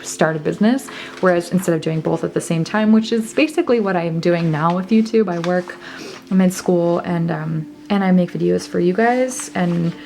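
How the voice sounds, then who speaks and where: A woman's voice: fairly low pitch, creaky, darkish tone. A young woman casually talking through her old journals, rambling and reading entries aloud between asides. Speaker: vlogger.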